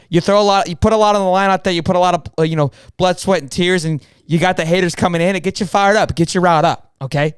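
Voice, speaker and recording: A sports show host speaks in a high, hoarse voice that is partly gone yet still clear. Hyped and rambling, he keeps addressing his listeners as boys and girls. The recording comes from a studio mic on a stream and sounds dry and close, with no room sound.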